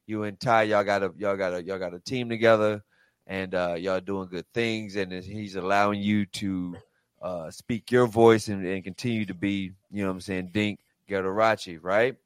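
A man hosts a relaxed group conversation in a lowish voice with a dry, close sound. He curses easily and keeps steering the talk with questions. The feel is loose and unpolished. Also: normal speed, smooth, no echo. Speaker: podcast host. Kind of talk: casual group chat.

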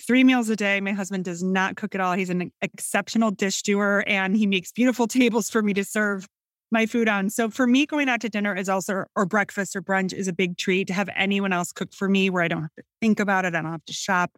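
A middle-aged woman with a Midwestern American accent chats in a lively, storytelling way. Her voice sits at an ordinary pitch for a woman. It is recorded close and dry, with almost no room sound. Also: fairly quick, no room sound. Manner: chatty, animated storytelling. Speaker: cookbook author guest. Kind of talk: casual conversation.

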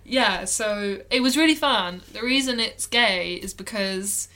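Woman podcast co-host with a bright tone, loose chatty delivery, frequent laughs and ums. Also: mid-range voice, measured pace. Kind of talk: casual chat.

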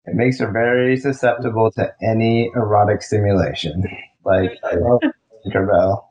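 A man's voice: on the low side, animated, moderate pace, darkish tone, lo-fi sound, slight background noise. A man in a casual podcast chat, riffing and joking with friends. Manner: jokey, riffs into bits. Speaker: podcast co-host.

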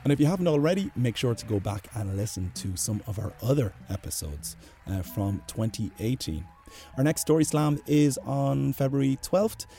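Gravelly male host over faint music. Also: mid-range voice, expressive, moderate pace, hardly any pauses, warm tone. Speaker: podcast host. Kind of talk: scripted podcast outro.

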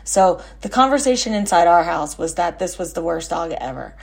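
A woman in her forties with a somewhat low voice tells a story from her childhood. She rambles and backtracks, correcting herself and filling pauses. She hosts her own podcast and speaks as casual storytelling. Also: lively intonation, gravelly, breathy edge. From Texas. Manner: rambling, self-correcting, with many fillers. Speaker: podcast host.

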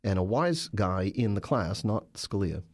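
A man's voice: on the low side, expressive, measured pace. A man, a journalist and author, answering interview questions with emphatic, storytelling narration.

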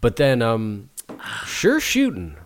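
A man co-hosting a casual drinks chat, telling animated stories with jokes. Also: medium pitch, slow. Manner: animated storyteller, joking. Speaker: podcast co-host.

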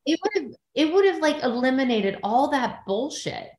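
Woman co-host, lively recap storyteller, recorded in an echoey room. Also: sits high, normal speed. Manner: animated storyteller, acts out quotes from others. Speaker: podcast co-host recapping a reality show she appeared on. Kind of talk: casual chat. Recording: roomy echo.

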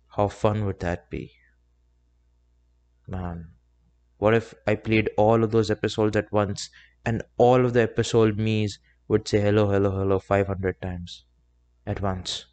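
A young man with a clear, resonant, lowish voice hosts his own solo podcast. His casual monologue rambles along chattily, sprinkled with self-deprecating jokes.

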